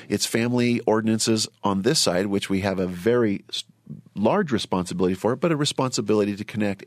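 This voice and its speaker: Earnest middle-aged man, low voice. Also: dry recording, clean studio sound. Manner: earnest, measured, repeats himself. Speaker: host. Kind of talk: religious panel discussion.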